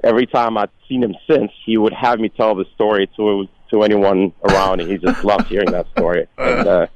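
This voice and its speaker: Man from Russia, low voice, storytelling, dry dull lo-fi sound. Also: brisk. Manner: animated anecdote with acted quotes. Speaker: former player, guest. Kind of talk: storytelling on a radio podcast. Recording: dry, dull lo-fi call audio.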